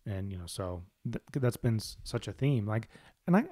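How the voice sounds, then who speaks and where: A man's voice: lowish voice, normal speed, mellow, no room sound, clean studio sound. A man co-hosting a podcast, thinking aloud in casual conversation about a comic. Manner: musing, thinking aloud with restarts. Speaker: podcast co-host.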